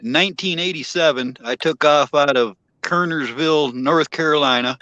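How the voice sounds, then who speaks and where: A man's voice: a little high, normal speed, pushed and bright, no echo, highs cut off. A man joining a live panel by phone, telling an easygoing story about a long walk. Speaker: panel guest. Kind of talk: casual live panel chat.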